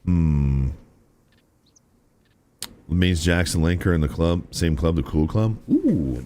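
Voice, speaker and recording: A young man with a low, deep voice talks to his live-stream chat while he plays. His pitch swings widely as he reacts, and his tone stays relaxed and chatty, with a soft hum of noise in the background. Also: takes it slowly, pauses often. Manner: chatty, laid-back, says "dude" and "chat" often. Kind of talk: casual chat with stream viewers while gaming.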